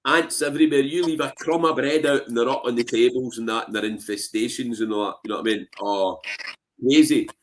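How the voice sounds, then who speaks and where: A Scottish man telling anecdotes in a casual interview, animated and full of "you know what I mean" fillers. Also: medium pitch, a little fast, a little hiss or hum. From Scotland. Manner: animated, acts out voices in his anecdotes. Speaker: interview guest.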